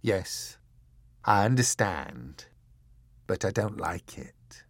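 Give me a fastidious, menacing villain, put on by a male narrator, who drawls slowly and then explodes into loud theatrical outbursts. The voice is deep and dry, recorded close with no room sound. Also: expressive, gravelly, no echo, exaggerated voice. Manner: slow, swelling into loud theatrical bursts.

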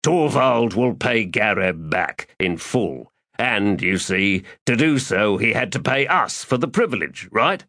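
A man's voice: on the low side, animated, unhurried, few pauses, pushed and bright, dry recording, studio quality, heavily acted. A man voicing a nervous male petty crook who talks in a wheedling, defensive way.

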